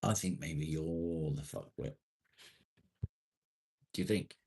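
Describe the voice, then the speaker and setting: Low, slow-talking man streaming live. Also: a little mellow, slightly rough. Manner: swears often, rambling and self-deprecating. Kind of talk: casual live-stream chat reading comments.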